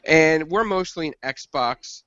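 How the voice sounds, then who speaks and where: A man with a lively, swooping voice explains a point on a podcast, often checking in with a quick question. The audio is dry and dull, with a narrow range. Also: fairly high pitch, smooth, no echo. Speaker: podcast co-host. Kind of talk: casual podcast discussion.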